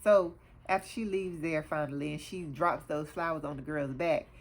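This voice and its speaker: A woman hosting her own show, chatting through an episode recap in a loose, animated way with lots of fillers. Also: sits low, moderate pace. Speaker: TV show reviewer, host.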